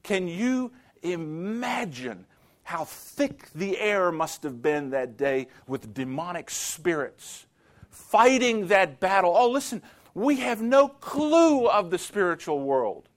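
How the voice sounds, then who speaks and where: A man preaching a sermon with a fairly high voice. He talks slowly and deliberately, with dramatic swings between loud declarations and near-hushed lines. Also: sing-song. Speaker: pastor.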